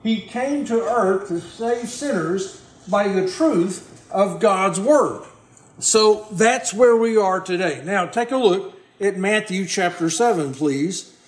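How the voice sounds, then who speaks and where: A man preaches a sermon, reading scripture aloud and earnestly, emphatically pressing its points on the congregation he addresses directly. His high voice is animated and slow, captured in a rough recording in an echoey room.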